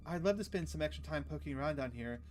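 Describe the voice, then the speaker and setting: A man's voice: fairly high pitch, animated, fast talker, faint music behind. Joking man streamer reading a game. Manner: playful, jokey asides to chat. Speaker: streamer reading a visual novel aloud. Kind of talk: casual let's-play narration with character reading.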